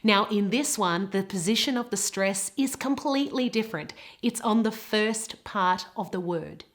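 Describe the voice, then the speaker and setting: A woman with a British English accent teaching pronunciation, modelling words slowly and carefully. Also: medium pitch, expressive. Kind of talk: pronunciation lesson.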